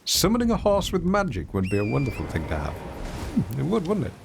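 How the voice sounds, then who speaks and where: A man's voice: medium pitch, wildly swooping pitch, fairly quick, gravelly, noisy background. A man giving chatty, self-mocking commentary while streaming a video game to his viewers. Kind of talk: casual gameplay commentary.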